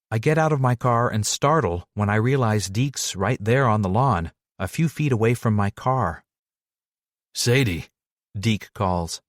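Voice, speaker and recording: A man narrating a romance audiobook in the first person, measured and steady. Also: on the low side, dry recording, studio quality.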